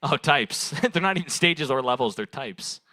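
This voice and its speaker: A man's voice: mid-range voice, animated, moderate pace, pushed and bright, no room sound. A young man doing improvised stand-up at an open mic, loose and rambling, swearing and laughing at his own jokes into a handheld mic. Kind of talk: improvised stand-up crowd work. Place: small bar stage. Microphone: handheld stage mic.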